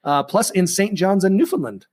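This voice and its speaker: A man's voice: high voice, lively intonation, normal speed, a little mellow. A man co-hosting a casual podcast, rambling and chatty with lots of ums and restarts. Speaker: podcast co-host.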